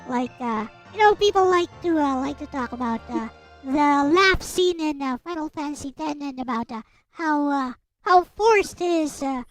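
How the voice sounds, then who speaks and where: A woman streamer chatting casually, halting often with pauses as she talks. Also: sits high, expressive, dry recording, soft background music.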